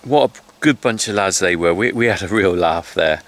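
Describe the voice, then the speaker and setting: A man's voice: deep voice, moderate pace, a bit bright. A man vlogging about farming, talking in a chatty, rambling way with lots of fillers, recorded outdoors by a cottage. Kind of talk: casual chat.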